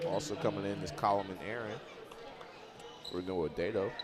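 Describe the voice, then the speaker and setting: A man doing casual, chatty play-by-play for a college basketball game. He sometimes bursts into loud, excited calls on big plays. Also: lowish voice, moderate pace, over a noisy crowd, heavy background noise. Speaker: play-by-play commentator.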